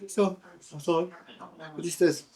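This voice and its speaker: A man's voice: on the high side, fairly even intonation, a little slow, dark tone. An older man with a Sunderland accent, recounting his life story in an interview, hesitant and full of fillers and restarts. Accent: Sunderland English. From England.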